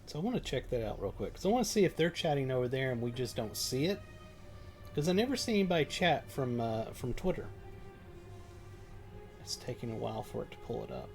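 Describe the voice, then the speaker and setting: A man's voice: medium pitch, very animated, a little fast, creaky. A man streaming a game from home, chatting casually and thinking aloud with lots of fillers. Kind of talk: casual live-stream chat. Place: home room at a computer. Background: game music and keyboard typing.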